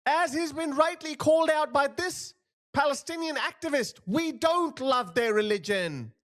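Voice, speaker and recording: A high-pitched man delivers political commentary with a wildly lively voice that leaps up and down. He is sarcastic and emphatic, pressing each point hard. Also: unhurried. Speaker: host.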